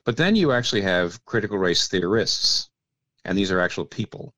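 Very low male voice, dry close sound; a thoughtful theologian who lectures gently while being interviewed. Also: animated, no room sound. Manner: measured, teacherly, often drops to a quiet aside. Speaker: theologian guest. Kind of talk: explanatory interview talk.

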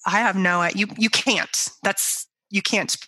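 Female co-host, hoarse scratchy voice, bright tone, dry close mic. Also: mid-range voice, steady tone, takes it slowly, dry recording. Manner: laughing, self-deprecating. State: hoarse from the flu. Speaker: podcast co-host. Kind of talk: casual podcast chat.

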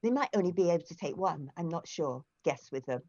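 A low-voiced older woman talks as an interview guest, telling long anecdotes in a chatty, meandering way with plenty of fillers and false starts. The recording is dry and a little muffled. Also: animated, a little fast, mellow, no room sound. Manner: chatty storyteller with frequent restarts and fillers. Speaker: interview guest, former foster carer. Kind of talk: conversational interview.

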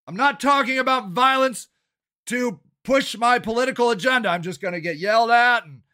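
Older guy, furious profane rant, high strained sharp tone. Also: normal speed. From Ohio, United States. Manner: profane, shouting and agitated. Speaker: city council candidate and activist. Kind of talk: angry monologue rant.

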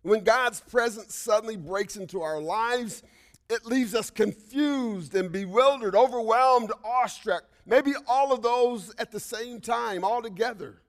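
A male pastor preaching a sermon, telling a personal story with frequent "right?" asides and swings between loud outbursts and hushed whispers. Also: extremely high pitch, measured pace.

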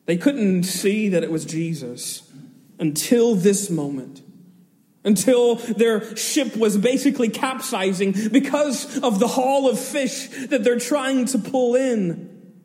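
A man's voice: high voice, slow pace, a little mellow, in a large hall. A man preaching an expository sermon, retelling a scripture story vividly with chuckling asides.

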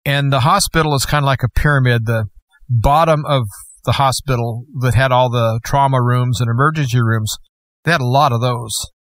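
A man's voice: medium pitch, no room sound. A middle-aged man, a guest host, telling a personal testimony in a plainspoken, conversational way with folksy asides.

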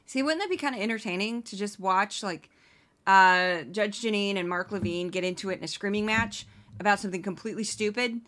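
Bright sarcastic woman podcast host. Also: mid-range voice, fairly even intonation. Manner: sarcastic, quick asides. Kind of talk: casual political commentary.

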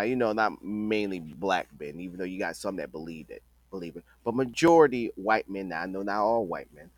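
A man's voice: lowish voice, dry recording. Emphatic man talking casually, dry sound. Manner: conversational, emphatic, repeats phrases. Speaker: podcast host. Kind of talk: casual opinion monologue.

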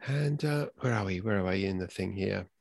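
A man's voice: low voice, a little fast, gravelly, darkish tone, dry recording. A man hosting a podcast in casual chat, reading listener entries aloud and often tripping over his words with a self-deprecating manner. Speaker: podcast host.

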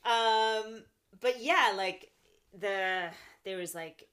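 A young woman in a relaxed podcast conversation, her voice bright and forward. She is animated and laughs often, slipping into little acted-out versions of her own thoughts. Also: medium pitch, extremely slow. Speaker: podcast guest, actress and clown. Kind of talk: casual conversational interview.

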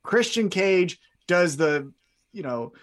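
A man's voice: high voice, takes it slowly. A man co-hosting a casual wrestling podcast, joking and acting out quotes as he recaps. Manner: joking, animated, acts out quotes. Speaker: podcast co-host.

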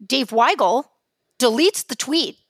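A woman co-hosting a casual podcast, telling stories in an animated, theatrical way, with swearing and acted-out asides. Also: sits high, takes it slowly, no echo, clean studio sound. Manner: animated, theatrical storytelling with profanity. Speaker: podcast co-host.

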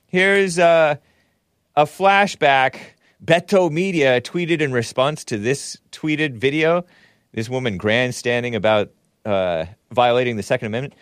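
A male podcast host in sarcastic, jeering commentary mode. His voice sits at an ordinary middle pitch. It is recorded dry and close, with no room sound. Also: expressive, a little slow, clear, resonant tone, no echo. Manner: sarcastic, jeering, laughs at his own remarks. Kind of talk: mocking political commentary.

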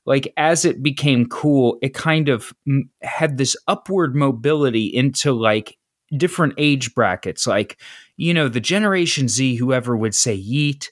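A man's voice: medium pitch, a little slow, no echo, clean studio sound. An American man co-hosting a podcast, rambling casually with filler words and frequent laughter. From United States. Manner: rambling, self-deprecating, laughs often. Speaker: podcast co-host. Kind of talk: casual chat.

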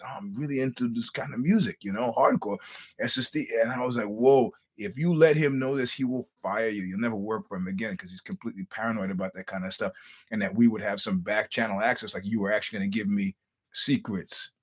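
A man's voice: lowish voice, brisk, breathy edge. Profane man telling stories. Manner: profane, animated storytelling with acted-out quotes. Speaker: podcast host. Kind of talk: casual storytelling monologue.

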